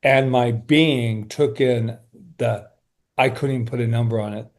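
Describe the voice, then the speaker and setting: A man speaking as an interview guest who leads workshops, talking reflectively and earnestly, often slowing down and going quiet. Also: medium pitch, fairly even intonation.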